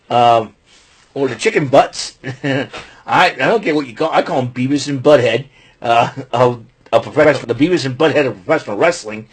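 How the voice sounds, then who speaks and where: A man's voice: mid-range voice, expressive, a little fast, husky. A man hosting a casual wrestling recap show, rambling and laughing at his own jokes. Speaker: podcast host.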